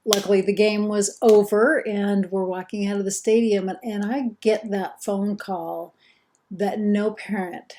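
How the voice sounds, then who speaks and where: A middle-aged woman lectures in a warm, mellow voice. She talks earnestly and conversationally, and often backs up to restart a phrase. Her pitch sits at a middling height for a woman. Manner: earnest, conversational, self-correcting. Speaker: instructor. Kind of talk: recorded course lecture.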